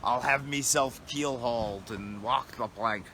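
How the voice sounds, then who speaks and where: A man voicing a tired, apologetic old male pirate in a hammy growl, slowed and raised. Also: mid-range voice, bright, forceful tone, a little hiss or hum.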